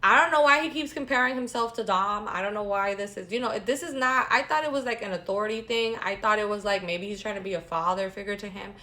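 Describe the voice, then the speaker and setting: A woman talking casually and gossipily as a vlogger, animated and repeating phrases for emphasis, with sarcastic asides. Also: medium pitch, fast, few pauses. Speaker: wrestling recap vlogger. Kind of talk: casual chat.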